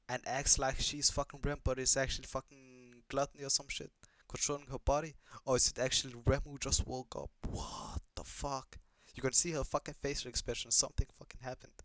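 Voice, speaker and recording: A man's voice: medium pitch, fairly bright tone, dry recording. A young man giving casual reaction commentary on an anime, swearing a lot, rambling and asking puzzled questions.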